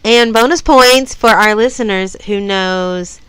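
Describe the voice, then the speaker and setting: A woman from Kentucky, co-hosting a casual podcast and chiming in with quick playful remarks. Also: medium pitch, a bit bright, clear, resonant tone, no room sound. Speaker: podcast co-host. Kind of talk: casual chat.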